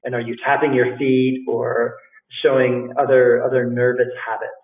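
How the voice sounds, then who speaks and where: A man's voice: medium pitch, level tone, normal speed. A middle-aged man, an English teacher, giving casual interview tips to learners, repeating phrases and calling his listeners "guys". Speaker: English teacher and language school director. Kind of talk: live talk on job interview tips. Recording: echoey room, distant tinny phone-like sound.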